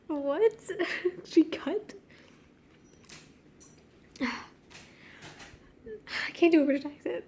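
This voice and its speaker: High, slow, giggly young woman. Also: mellow. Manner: giggly, slangy and self-mocking; easily distracted, breaks off mid-sentence. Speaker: reader of her own childhood story. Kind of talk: reading aloud with joking commentary.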